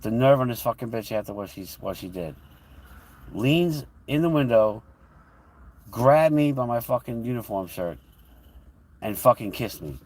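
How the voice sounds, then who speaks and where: A man's voice: mid-range voice, animated, unhurried, long pauses, a little mellow, distant mic. A man telling a heated personal story on a livestream, swearing freely as he goes. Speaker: livestream host.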